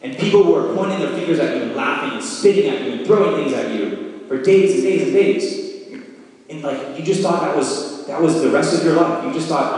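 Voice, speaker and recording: A man's voice: fairly high pitch, expressive, moderate pace, a little mellow. Guy preaching a sermon, painting scenes for the crowd, sounds far from the mic in a big echoey hall. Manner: vivid storytelling, guides listeners through imagined scenes.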